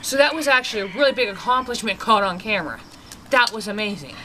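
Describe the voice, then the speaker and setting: A woman vlogging a casual dog training demonstration, chatty, breaking into high sing-song praise for her dogs. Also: quick pace, pushed and bright, slight background noise, poor audio.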